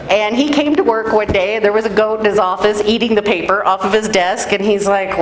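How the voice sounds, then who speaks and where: A woman pastor giving a sermon in a conversational, animated storytelling way. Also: medium pitch, fairly quick. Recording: echoey room, faint noise.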